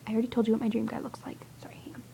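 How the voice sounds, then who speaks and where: A young woman vlogging to a friend, talking mostly in a hushed whisper and rambling with hesitant fillers. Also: on the high side, completely flat delivery, very fast, creaky, a little hiss or hum, low-quality recording. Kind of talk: casual whispered video chat to a friend.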